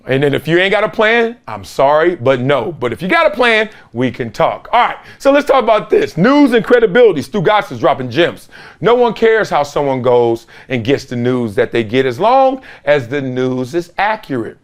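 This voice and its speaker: A man's voice: high-pitched, fairly bright tone. A middle-aged man, a former football player, hosting a sports talk show in an emphatic storytelling monologue, acting out the voices of people in his stories. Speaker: host, former NFL player.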